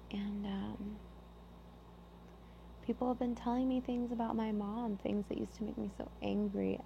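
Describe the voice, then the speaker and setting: A young woman giving an earnest personal share in a support group, talking haltingly with many restarts. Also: creaky, warm tone. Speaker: group member sharing. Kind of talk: personal sharing. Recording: muffled low-fidelity audio with faint hum.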